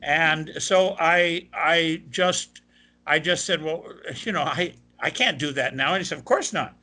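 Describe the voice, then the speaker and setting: A man's voice: on the high side, a little slow. An older man from Ohio, a tenor, telling stories in an interview and quoting the people he met along the way. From Ohio, USA. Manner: animated anecdotal, quoting others. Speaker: guest, opera tenor. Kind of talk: interview storytelling.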